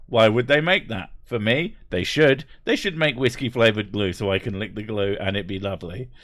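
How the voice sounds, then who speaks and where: A man's voice: fairly low pitch, fairly bright tone. A man in his thirties hosting a casual livestream from home, joking, swearing and laughing often as he reads out chat messages. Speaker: livestream host.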